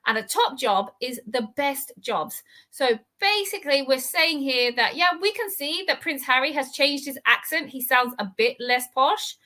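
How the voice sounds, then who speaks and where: A woman teaching an advanced English reading lesson, walking through words and grammar with patient, clear explanations. Her voice is bright and forceful, sitting a little high, and she checks in with learners often.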